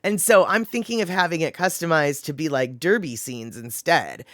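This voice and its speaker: A woman's voice: sits low, lively intonation, moderate pace, no room sound. A woman livestreaming, rambling casually and greeting viewers in the chat.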